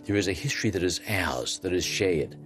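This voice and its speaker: A man in his seventies with an Australian accent, a former radio broadcaster giving measured, heartfelt interview answers that turn emotional. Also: low-pitched, expressive. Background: music.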